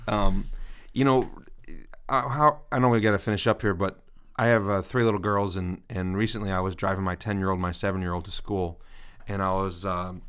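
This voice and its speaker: This man in his thirties co-hosts a ministry podcast and tells a story in casual chat, laughing at himself a lot. His deep voice is smooth and fairly bright, with fairly even intonation and a slightly fast pace.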